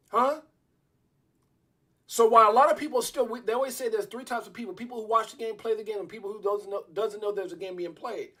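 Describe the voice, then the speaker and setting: A middle-aged man hosts a casual livestream with a high-pitched, husky voice. He tells stories in an excitable, repetitive way, circling back to his points again and again. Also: quick pace. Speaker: crypto livestream host.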